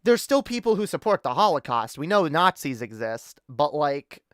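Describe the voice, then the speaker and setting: A Canadian woman with a low voice and big pitch swings rants angrily on a live stream at a normal pace, swearing as she goes. She often stumbles, restarts, and repeats words. The recording is dry, with clean studio sound.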